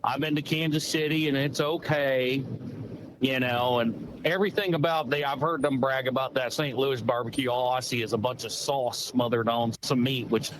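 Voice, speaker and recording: A man hosting a casual podcast, folksy and animated, swearing casually as he tells stories. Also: mid-range voice, normal speed, poor audio. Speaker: podcast host. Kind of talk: casual chat. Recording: noticeable background noise.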